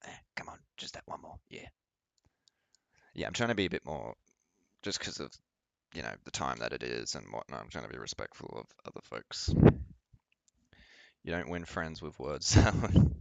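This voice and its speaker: A man's voice: a bass voice, lively intonation, normal speed, gravelly, dry recording. A man hosting a live stream and reacting to a clip, talking in sarcastic, slightly slurred, mumbled asides. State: slurring a little. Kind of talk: casual live-stream commentary.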